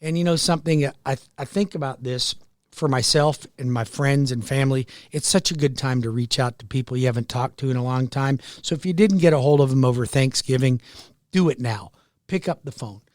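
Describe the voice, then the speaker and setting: An older American man hosts a talk radio show, speaking earnestly and folksily and repeating his phrases. His voice sits at an everyday middle pitch. The studio mic sounds dry and close, with no room echo. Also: brisk. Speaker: radio show host and mortgage lender. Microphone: studio microphone.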